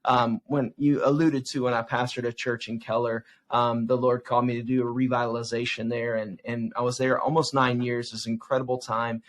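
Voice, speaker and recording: Answering interview questions, this forty-something youth evangelist tells stories animatedly and keeps asking "right?". He speaks in a mid-range voice, a little fast and with few pauses.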